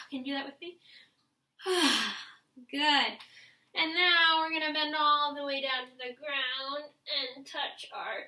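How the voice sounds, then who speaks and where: A young woman with a high, bright voice leads a class through stretches and breathing. She talks straight to the students, encouraging them and showing each sigh and deep breath herself. Her voice stays clear and lively throughout. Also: echoey room. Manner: encouraging, demonstrates breaths and sighs. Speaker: music teacher. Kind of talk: instructional video for young students.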